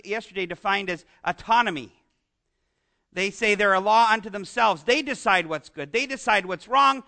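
A man's voice: very high-pitched, sharp tone. A man with a Canadian accent preaching a conversational sermon, chatty and joking with his congregation, trailing into asides and restarts. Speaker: pastor.

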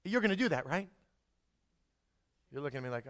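A man preaching a sermon as pastor, conversational and constantly checking in with listeners, swinging from loud emphatic peaks to soft, low asides. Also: big pitch swings, a little fast, long pauses. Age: adult, married father. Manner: conversational, keeps checking in with the congregation.

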